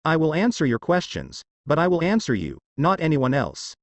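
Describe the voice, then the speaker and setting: A man's voice: a little high, huge pitch swings, normal speed, vocal fry, dry recording, heavily acted. A man reading the lines of a stern young male demigod guardian who speaks curtly and commands. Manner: curt, commanding.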